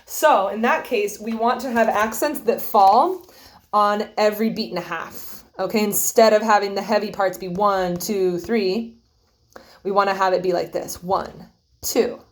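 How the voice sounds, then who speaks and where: Young woman teacher explaining bowing patterns, patient, keeps asking okay?, middle pitch voice. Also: fairly even intonation, unhurried. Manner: patient, checks in with "okay?" often, sings rhythms on syllables. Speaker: string teacher. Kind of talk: explaining rhythm and bowing to a student.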